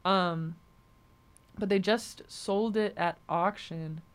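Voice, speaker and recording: Speaking slowly and steadily in a lowish voice, a young woman co-hosts a podcast in casual chat. She's chatty, laughs a lot, and says "like" constantly.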